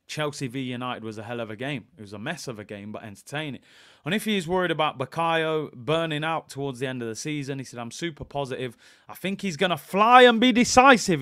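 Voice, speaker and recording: A man hosting a casual football reaction video, reading quotes calmly and breaking into excited, jokey asides. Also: a little high, dry recording, clean studio sound. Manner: reads quotes in a calm, even tone, then bursts into excited, jokey asides. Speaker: fan channel host.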